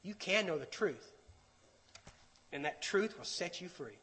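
A man voicing a gentle, comforting voice of truth, soft, slow and tender. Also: high voice, expressive, pitched below the performer's own voice, heavily acted. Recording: echoey hall with long reverb.

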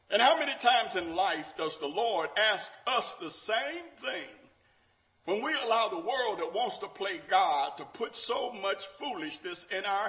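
Male preacher, high and very lively voice, dramatic delivery that swings from shouts to hushed lines. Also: rough recording. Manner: dramatic, acts out quotes, rises to shouts and drops low. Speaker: Bible class preacher. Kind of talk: sermon.

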